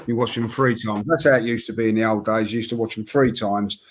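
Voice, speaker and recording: A man's voice: fairly low pitch, fairly even intonation, quick pace, a little hiss or hum. A man on a podcast panel giving plain-spoken football opinions in casual chat, his voice rising when he gets worked up.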